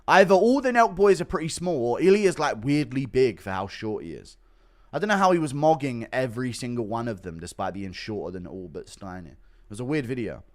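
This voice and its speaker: A man's voice: mid-range voice, lively intonation, fairly quick. A man streaming casual commentary, reading out donations and reacting bluntly, swearing often and rambling with lots of fillers. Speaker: streamer reacting to MMA news.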